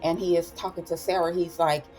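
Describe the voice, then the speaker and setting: A woman's voice: fairly low pitch, steady tone, brisk, darkish tone, faint music behind. A woman host casually recapping TV episodes, chatty and folksy, calling listeners "honey" and "child".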